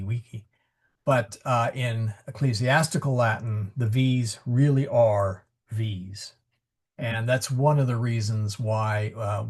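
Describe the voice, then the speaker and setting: A man teaching Latin pronunciation in an online class over a video call, chatty and correcting himself as he goes. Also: fairly low pitch. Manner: chatty, self-correcting, joking aside. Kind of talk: online class lesson with questions.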